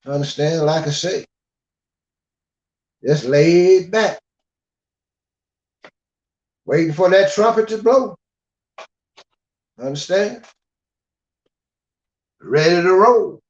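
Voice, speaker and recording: An older man with a high voice lectures in a gruff, scolding way and keeps checking that the listener follows. The recording sounds dull and lo-fi. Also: takes it slowly, long pauses. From United States. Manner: gruff, scolding, repeats "you understand?". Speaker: guest speaker. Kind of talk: blunt preaching monologue. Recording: dull lo-fi audio.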